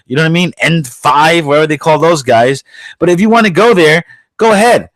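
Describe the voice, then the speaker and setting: A man's voice: a little high, animated, a little fast, fairly bright tone, dry recording. Profane New man ranting. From New York. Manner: profane, blunt, heated ranting. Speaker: podcast host. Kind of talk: casual podcast rant.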